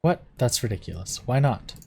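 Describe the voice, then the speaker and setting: A man's voice: medium pitch, sing-song, moderate pace, a little mellow, slight background noise, natural voice. A man voicing a bullying male city watchman in a game reading, growling his demands. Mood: gruff.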